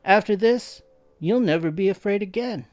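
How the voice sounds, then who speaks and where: A man's voice: high voice, moderate pace, darkish tone, voice pushed up, close to an everyday voice. A man voicing a brash, mocking teenage boy who likes pranks.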